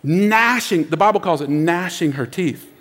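Animated preacher man in echoing hall. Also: high-pitched, unhurried. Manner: animated, acts out voices in his stories. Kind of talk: animated sermon storytelling. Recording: long hall reverb.

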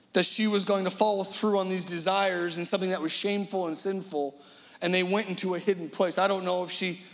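A man's voice: high voice, gravelly, fairly bright tone, in a large hall. A middle-aged male guest preacher giving a dramatic storytelling sermon, acting out imagined voices.

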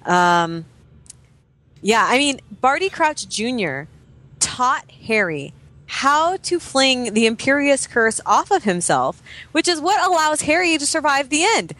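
Animated woman chatting casually. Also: sits high, unhurried. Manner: hesitant, many fillers, laughs often. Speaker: podcast co-host. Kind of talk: casual book discussion.

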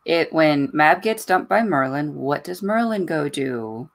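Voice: medium pitch, animated, a little slow, vocal fry. A speaker in casual podcast chat who thinks aloud bluntly and swears freely.

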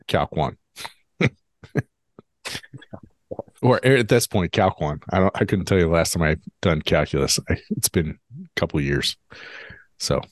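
A man's voice: sits low, no room sound, clean studio sound. A man co-hosting a podcast, chatting casually and acting out both sides of an old argument. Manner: animated storyteller, acts out both sides of arguments. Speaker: podcast co-host. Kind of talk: casual chat.

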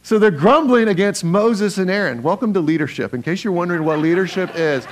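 A man preaching a sermon as pastor, animated, leading the congregation to read verses aloud with him. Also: high-pitched, a little fast, few pauses.

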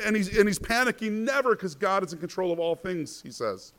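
A man preaching a sermon as a pastor, asking rhetorical questions, often adding "right?", and swinging between hushed and louder passages. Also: sits high, fast. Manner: rhetorical questions, frequent "right?", stammered repeats.

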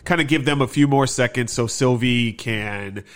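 A man's voice: medium pitch, moderate pace. Rambling, swearing male podcast co-host. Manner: rambling, loose and profane, with many fillers. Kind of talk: casual chat.

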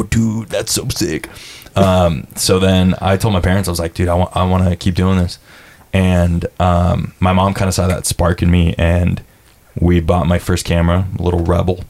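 A young man with a low voice talks casually as a podcast guest. He tells stories in a relaxed, rambling way, calls people dude, swears freely, and acts out what others said. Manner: laid-back storyteller, says dude a lot, swears, acts out quotes. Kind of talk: casual chat.

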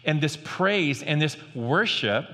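A man's voice: a little high, animated, slow, sharp tone, big-room sound. A man preaching a sermon as pastor, earnest in tone, reading scripture aloud with rising energy.

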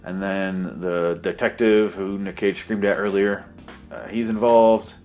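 Deep-voiced sarcastic man recapping a movie. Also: fairly even intonation, unhurried, a little mellow, lo-fi sound, faint music behind. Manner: sarcastic, profane, rambling with mock voices. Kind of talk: comedic movie recap monologue.

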